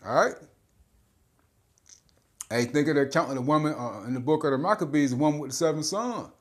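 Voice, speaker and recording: A man's voice: on the high side, fairly quick. Blunt, profane preaching man. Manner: blunt and profane, repeats "man" and "all right?"; stammers on filler sounds. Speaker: street preacher. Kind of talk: informal preaching monologue.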